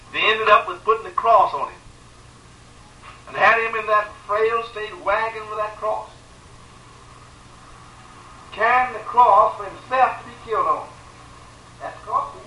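A man preaching a sermon with emphatic repetition, swinging between loud pleading and quiet, sorrowful lines. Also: high voice, a little hiss or hum. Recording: echoey room from far off, faint ambience.

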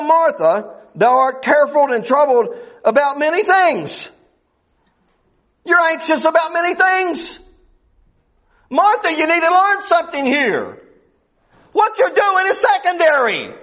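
High-voiced, lively preacher man. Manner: folksy, rising into fervent preaching. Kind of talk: sermon. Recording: dull lo-fi recording.

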